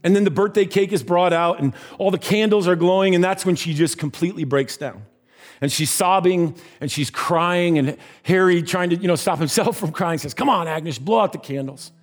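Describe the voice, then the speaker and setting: A man preaching by telling a story, animated and giving voices to the characters in it. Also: high-pitched, normal speed. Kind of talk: sermon storytelling.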